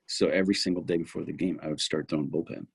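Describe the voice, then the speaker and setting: A man in his fifties tells old stories in a relaxed, chatty way and acts out his own remembered thoughts as he goes. His voice sits low and has a husky edge. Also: very fast. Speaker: former relief pitcher, interview guest. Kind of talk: casual anecdotal storytelling.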